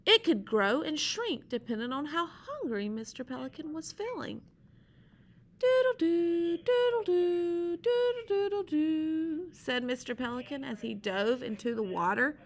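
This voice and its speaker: A woman reading a children's story aloud, with gentle asides explaining it to listeners. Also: fairly high pitch, animated, normal speed, few pauses, slight background noise.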